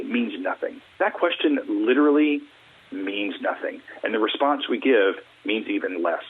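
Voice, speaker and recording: A man from the US Deep South, a mental wellness coach, talking earnestly and acting out quoted small talk. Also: animated, moderate pace, slight background noise. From Alabama, US Deep South. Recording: tinny phone line, husky.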